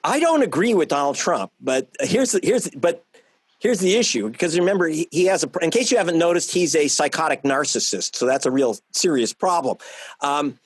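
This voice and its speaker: A man speaks as a journalist guest in a panel discussion. He talks emphatically, often restarting his sentences, in a fairly high voice. The sound is dry and close. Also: expressive, brisk, no room sound. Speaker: author and investigative journalist guest.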